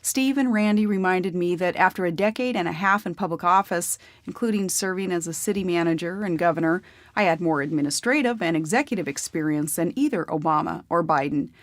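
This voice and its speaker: A woman's voice: on the low side, a little fast, dry recording. A woman narrating a memoir audiobook in a plain, conversational storytelling manner.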